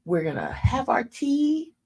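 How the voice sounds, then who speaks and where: A woman in her fifties hosting a faith talk show, preaching in a casual, folksy way and dropping into hushed asides. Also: a little high, wildly swooping pitch, unhurried. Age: 50s.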